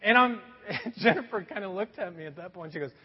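Pastor, male, high lively voice, husky, muffled recording with long hall echo. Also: a little fast. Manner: conversational storytelling, asks the audience questions. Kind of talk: sermon.

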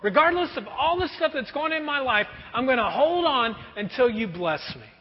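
A man voicing a desperate man clinging on in passionate prayer, pitched high and loud with intensity. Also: sing-song, normal speed. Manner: pleading, intense, raised voice. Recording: dull recording with long hall reverb.

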